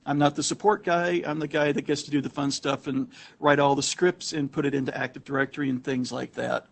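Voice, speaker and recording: A man's voice: on the high side, fairly even intonation, a little fast, creaky. Chatty man hosting a meetup. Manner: chatty, anecdotal, frequent restarts. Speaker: meetup host and presenter. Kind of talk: casual storytelling talk to a small group. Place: meeting room with a live audience. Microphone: room recording mic.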